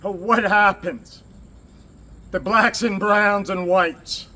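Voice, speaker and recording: A man's voice: sits high, steady tone, slow pace, pushed and bright. A man from the American Southwest, at least in his forties, talking candidly in a rambling personal vlog. He swears, laughs often and speaks in short bursts. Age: 40s or older. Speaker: vlogger.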